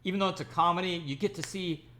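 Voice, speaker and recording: A man reviews a movie in a loose, gushing way, tripping over restarts as he piles on praise. His voice sits a little high for a man. The talk is casual and unscripted. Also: quick pace, pushed and bright. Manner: rambling, gushing, with frequent restarts and fillers.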